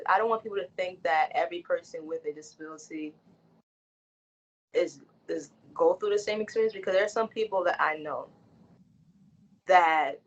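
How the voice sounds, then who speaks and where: Frank, earnest woman, lo-fi. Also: deep voice. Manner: earnest and frank, with frequent restarts and repeated phrases. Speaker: interviewee. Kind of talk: candid conversational interview. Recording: dull lo-fi recording.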